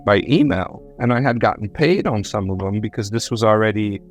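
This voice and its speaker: A man's voice: on the low side, animated, brisk, faint music behind. A man telling how a deal went wrong, in a rambling way that repeats and corrects himself. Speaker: guest, government contractor. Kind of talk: conversational storytelling.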